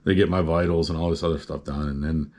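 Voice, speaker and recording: A man's voice: very deep voice, fairly even intonation, fast, a little mellow. A man telling a personal story in a casual, rambling, good-humored way, full of "uh" and "you know".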